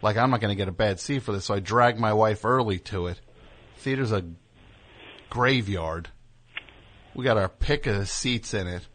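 Low-voiced rambling talk-show host man. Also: normal speed, long pauses, a bit bright. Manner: rambling, riffing, sarcastic. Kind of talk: casual comedic talk-show banter.

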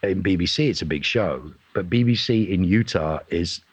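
A man, an actor being interviewed, telling animated stories and acting out what people said. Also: deep voice, normal speed, breathy edge, dry recording. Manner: animated, acts out quotes in voices. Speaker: actor guest. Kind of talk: casual interview storytelling.

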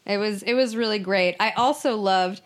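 A woman co-hosting a casual podcast, excitedly recapping a sitcom episode and acting out lines from it. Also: mid-range voice, normal speed. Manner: excitable, acts out lines from the show. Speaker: podcast co-host.

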